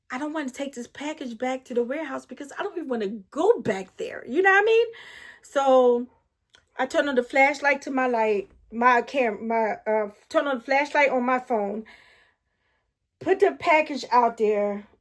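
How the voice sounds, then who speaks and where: A middle-aged woman with a high voice tells a casual story to her viewers. She is animated and excitable, and she breaks off and restarts her sentences as she goes. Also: moderate pace. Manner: animated, talks straight to viewers with frequent asides. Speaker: vlogger telling a story.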